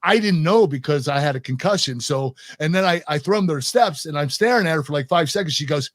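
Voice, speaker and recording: An American man in his fifties tells stories in a relaxed interview, lively and often laughing. His voice sits a little high and is recorded dry and close, with no room sound. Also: fast talker, dry recording. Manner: animated, laughs often, acts out quoted lines. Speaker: guest, retired pro wrestler. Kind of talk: casual interview storytelling.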